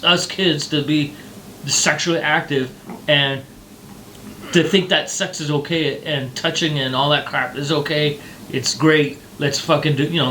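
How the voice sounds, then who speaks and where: A man's voice: a little high, fairly bright tone, a little hiss or hum, poor audio. A man co-hosting a casual talk show, ranting heatedly and swearing often. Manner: profane, heated ranting with mocking put-on voices. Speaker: podcast co-host.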